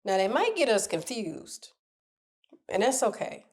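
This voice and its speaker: A middle-aged woman coach talking candidly to camera, animated and laughing as she acts out what people say to her. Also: a little high, measured pace. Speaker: relationship coach. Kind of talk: casual advice talk to camera.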